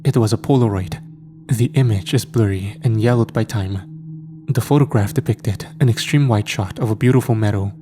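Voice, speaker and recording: A man calmly narrating a horror story in a measured, scripted way. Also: on the low side, noisy background.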